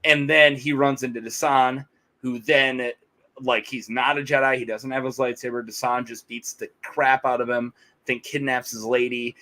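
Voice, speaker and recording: A man's voice: medium pitch, level tone, moderate pace, bright, forceful tone, poor audio. A man co-hosting a podcast, chatting casually, rambling with frequent laughter. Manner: rambling, laughs often, quotes characters in playful voices. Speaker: podcast co-host. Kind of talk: casual chat.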